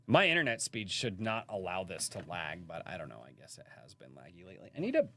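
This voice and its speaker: A man's voice: low voice, wildly swooping pitch, quick pace, sharp tone. A man hosting a live-stream podcast from a rural home, chatting casually and rambling with many fillers and restarts.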